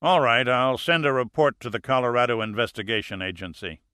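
A man's voice: mid-range voice, a little fast, bright, forceful tone, smooth, no echo, clean studio sound, natural voice. A man voicing a weary, cautious male small-town sheriff. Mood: hesitant. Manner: helpless, hesitant.

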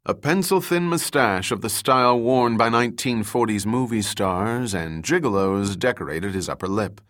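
A man narrating an audiobook in a measured, descriptive reading. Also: fairly low pitch, expressive, a bit bright.

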